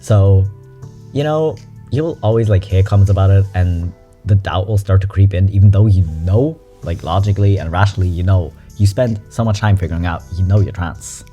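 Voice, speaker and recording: A young adult nonbinary vlogger reacting to memes in a chatty, frank, animated way, swearing casually. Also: low-pitched, fairly quick, lo-fi sound, faint music behind. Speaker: meme reaction host. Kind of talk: casual meme commentary.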